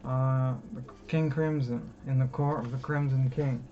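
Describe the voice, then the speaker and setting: Young man from Britain, casual rambling vlogger, mid-pitched voice, lo-fi room sound. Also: fairly even intonation, unhurried. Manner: chatty, self-mocking, rambling. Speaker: record collection vlogger. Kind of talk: casual chat. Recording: dull lo-fi with clear background noise.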